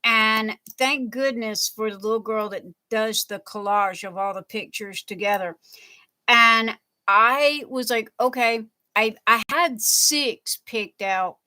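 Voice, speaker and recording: Speaking slowly in a sharp, somewhat high voice, a woman runs a crafting livestream from her home. She reads out viewer comments in a casual, playful chat, laughing a lot along the way.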